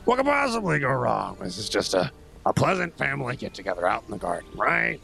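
Gravelly, teasing man playing a tabletop game. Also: medium pitch, wildly swooping pitch, a little fast, a bit bright, soft background music. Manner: teasing, playful, mock-gallant. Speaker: player. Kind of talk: in-character tabletop play.

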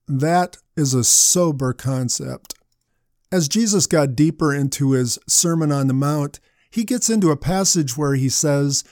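A man's voice: a little high, a little slow, a little mellow, no echo, clean studio sound. A man preaching a sermon in a conversational way, asking his listeners questions as he retells parables.

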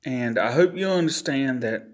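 Man, solo podcast host, slow and deliberate, slightly slurred words, earnest. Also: medium pitch, animated. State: slurred speech from facial palsy.

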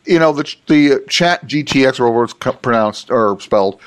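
A man's voice: mid-range voice, lively intonation, brisk, clean tone, dry recording. A man co-hosting a podcast in casual chat, hesitant and repeating himself as he thinks aloud. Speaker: podcast co-host.

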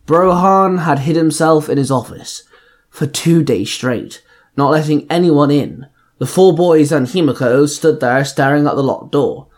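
A man reading an audio fiction story aloud in a measured storytelling manner. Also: fairly high pitch. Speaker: narrator.

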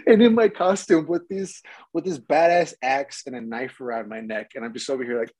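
A man, an actor, telling a casual behind-the-scenes anecdote in an animated way and acting out the dialogue. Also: mid-range voice, normal speed, husky, no room sound, poor audio. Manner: animated storyteller, acts out quoted dialogue. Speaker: actor guest.

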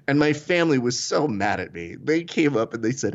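A man in his thirties from California, co-hosting a podcast and telling stories in a casual chat, voice jumping high on quoted exclamations. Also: lively intonation, fairly quick, hardly any pauses, muffled recording. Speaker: podcast co-host.

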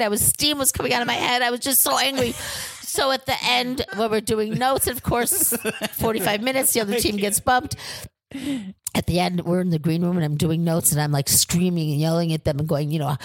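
An older woman, a guest on an interview, telling lively stories, acting out quotes and swearing freely. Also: mid-range voice, a little fast, no echo. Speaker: guest, improv theater founder. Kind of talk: casual storytelling interview.

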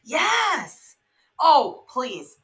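A young adult woman co-hosting a podcast in casual chat. She is animated, swears freely and laughs often. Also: sits high, very slow, creaky, rough recording. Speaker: podcast co-host.

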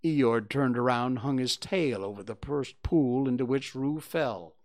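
A man narrating a children's storybook at a gentle pace. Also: mid-range voice, a little slow. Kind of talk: storybook reading.

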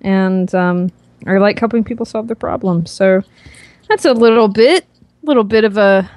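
A woman with a softened Southern US accent, talking as a guest on a podcast, rambling with many fillers and restarts. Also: mid-range voice, moderate pace, dry recording. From American South. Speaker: guest, author and fitness coach. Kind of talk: casual podcast interview. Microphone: podcast microphone.

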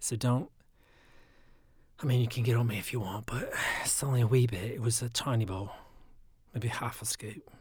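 A man with a raspy, phlegmy throat, talking in a soft, often half-whispered, rambling casual monologue. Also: mid-range voice, no echo, clean studio sound.

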